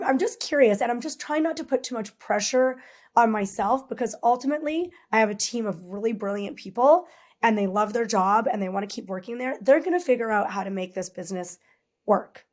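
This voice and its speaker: Woman, 40s, from Canada, podcast guest: candid, rambling talk on a slightly raised voice. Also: fairly high pitch. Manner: candid, rambling, leans on filler "like". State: tearful at times.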